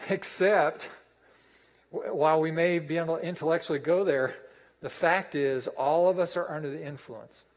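Emphatic preaching man, slightly high voice. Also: normal speed, big-room sound, poor audio. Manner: emphatic, restates and repeats phrases for effect. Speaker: pastor. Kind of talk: sermon.

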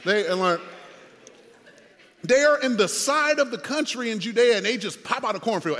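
A man preaching a sermon as pastor, animated, with playful asides and rising to shouts. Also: high-pitched, moderate pace, long reverb tail.

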